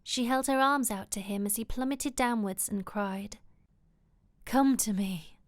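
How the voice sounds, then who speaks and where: A woman reading a romance novel aloud in a soft, intimate, often whispered way. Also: a little high, moderate pace, no echo. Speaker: audiobook reader.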